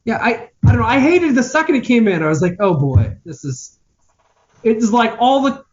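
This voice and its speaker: A high-voiced man whose pitch swoops up and down as he rants with exasperation in a casual podcast chat. The recording sounds dull and lo-fi. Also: fast talker. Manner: animated, exasperated ranting. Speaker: podcast co-host.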